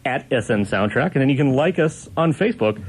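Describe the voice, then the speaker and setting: A man's voice: medium pitch, expressive, fairly quick, slightly rough. Laughing, teasing male radio host. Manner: laughs often, teasing, reads call-in details. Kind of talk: casual on-air banter. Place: college radio studio.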